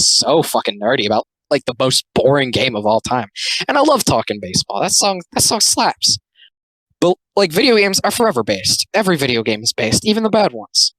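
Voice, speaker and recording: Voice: mid-range voice, a bit bright, dry recording, poor audio. A speaker giving casual, rambling, sarcastic commentary on comics, full of filler words. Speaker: commentary host.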